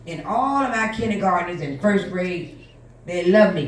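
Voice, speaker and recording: Animated woman testifying in church. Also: fairly low pitch, moderate pace. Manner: animated storytelling with quoted voices. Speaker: minister. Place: church hall. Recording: echoey room from far off.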